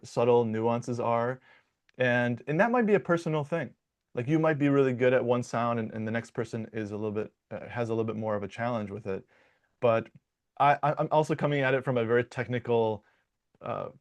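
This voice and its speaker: Male dialect coach from Michigan, mid pitch, explanatory and conversational, often restarts his words. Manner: explanatory, with frequent repetitions and restarts. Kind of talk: conversational interview answers.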